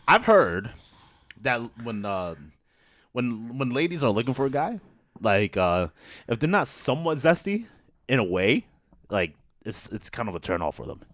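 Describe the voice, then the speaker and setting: A man co-hosting a podcast, loud and expressive, telling a story with lots of laughter. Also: medium pitch, unhurried, long pauses, dry recording. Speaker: podcast co-host. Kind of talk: casual chat, storytelling.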